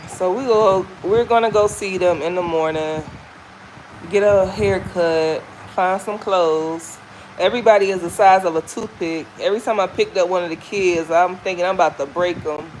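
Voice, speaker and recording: A woman's voice: lowish voice, moderate pace, a little mellow, a little hiss or hum, low-quality recording. Chatty Southern American woman vlogging. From Southern United States. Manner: candid, chatty, folksy. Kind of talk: casual chat while walking. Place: outdoors on a walk.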